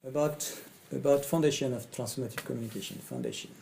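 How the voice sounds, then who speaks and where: A middle-aged man from France with a French accent, a coach speaking in halting English and often repeating his phrases. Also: medium pitch, gravelly, warm tone, a little hiss or hum, poor audio. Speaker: coach and facilitator. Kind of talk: speaking to camera about his training.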